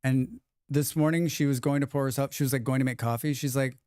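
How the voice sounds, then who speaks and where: A man's voice: medium pitch, fairly even intonation, fast, a little mellow, clean tone, no room sound. Rambling man streaming, dry close mic. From United States. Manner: rambling, reads chat messages aloud, swears casually. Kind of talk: casual live-stream chat.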